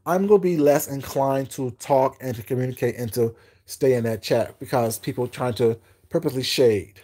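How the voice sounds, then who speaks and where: A man's voice: medium pitch, normal speed, dark tone. A man hosting a livestream, chatting casually with his viewers in a rambling, repetitive way, often asking whether they know what he's saying. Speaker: livestream host.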